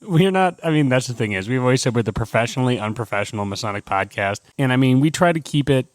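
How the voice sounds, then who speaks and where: A man's voice: medium pitch, expressive, fast talker, no echo. A man from Wisconsin co-hosting a casual podcast, chatty and full of fillers. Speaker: podcast co-host.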